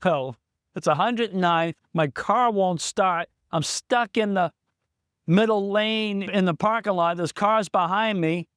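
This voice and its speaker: Man, middle-aged, conversational vlog story, reflective, slightly high voice, dead dry recording. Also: slow pace, a bit bright, smooth, no echo. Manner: plain-spoken, reflective, conversational. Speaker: small business owner in recovery. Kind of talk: candid personal storytelling vlog.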